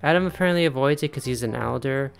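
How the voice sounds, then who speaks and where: A man giving casual let's-play commentary, chatty and quick to laugh, talking straight to the game's characters. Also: medium pitch, vocal fry, smooth, faint music behind. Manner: chatty, laughs often, talks to game characters. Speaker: gaming YouTuber.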